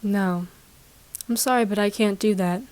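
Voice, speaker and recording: A woman voicing a calm, sinister small alien ruler in a flat, slow and menacing tone. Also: medium pitch, no room sound, close to an everyday voice. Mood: cold, sinister.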